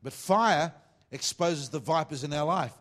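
A man preaching a sermon as pastor, mixing jokey, teasing asides to the congregation with emphatic preaching and slow, deliberate scripture reading. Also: on the high side, fairly bright tone. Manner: reads scripture slowly and deliberately.

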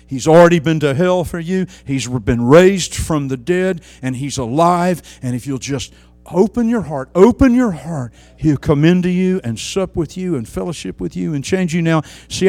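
A man preaching a sermon with passion, swinging between loud, fervent outbursts and quiet, hushed asides. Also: a little high, no room sound.

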